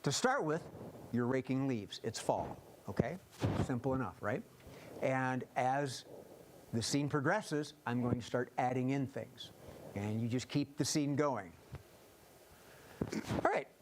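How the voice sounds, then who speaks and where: A man's voice: mid-range voice, measured pace, long pauses, noisy background. Man hosting an improv taping. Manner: explains games, asks audience for suggestions. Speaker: improv show host. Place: television studio with live audience.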